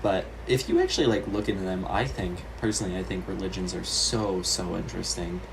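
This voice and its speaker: A man's voice: sits low, brisk, creaky. A man co-hosting a casual podcast, rambling and giggly, swearing often as he muses aloud. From United States. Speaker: podcast co-host. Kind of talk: casual chat. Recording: noisy podcast recording.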